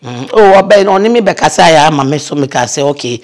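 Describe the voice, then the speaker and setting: A woman's voice: sits low, fast. Casual older woman telling old stories, slips english phrases in, chatty. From Ghana. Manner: lively storyteller, mixes in English phrases. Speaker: veteran actress, guest. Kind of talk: casual interview, reminiscing.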